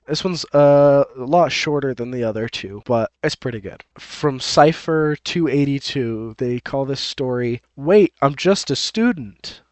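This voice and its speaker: A young man hosting a casual chat, reading online stories aloud, laughing often and adding lively emphasis. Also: medium pitch, unhurried, few pauses, dry recording.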